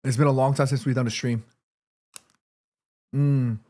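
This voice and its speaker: A man's voice: mid-range voice, fairly even intonation, unhurried, dark tone. A man hosting a casual watchalong stream from his room, chatting and reading out messages, with a sore throat. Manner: chatty, reads chat messages aloud, eats between lines. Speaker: livestream host. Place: home room.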